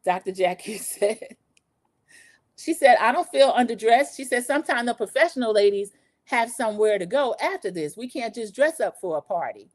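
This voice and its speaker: A woman hosting a casual reality show recap, chatty and lively, acting out the quotes she retells. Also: mid-range voice, moderate pace. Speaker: recap podcast host.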